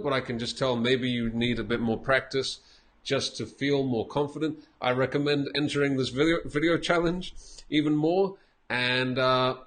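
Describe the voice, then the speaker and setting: A man teaching English in a relaxed, patient way. He breaks phrases down, repeats them and chuckles lightly between points. His voice sits in a plain middle range. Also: medium pitch. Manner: patient, explains slowly with repeated examples and light laughs. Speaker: English teacher giving feedback. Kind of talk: casual spoken lesson.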